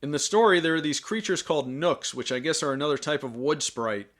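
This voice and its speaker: A man's voice: fairly high pitch, expressive, a little fast, a bit bright. Sarcastic male film reviewer. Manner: sarcastic, jokey. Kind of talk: scripted review commentary.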